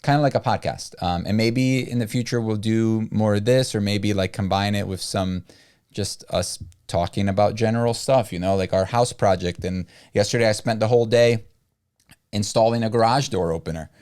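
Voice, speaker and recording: A man's voice: normal speed, clear, resonant tone. A man co-hosting a casual podcast-style chat, rambling with lots of fillers. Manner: rambling, filler-heavy, lively pitch swings. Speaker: podcast co-host.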